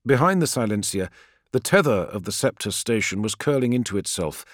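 A man reading a science-fiction audiobook as narrator, with measured, expressive storytelling. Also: on the low side, no room sound, studio quality.

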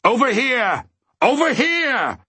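A man voicing a deceitful little male creature who shouts bad advice and boasts loudly. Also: a little high, very animated, slow, breathy edge, no echo, pitched above the performer's own voice, exaggerated voice. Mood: shouting. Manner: shouting bad advice, gleeful then cold.

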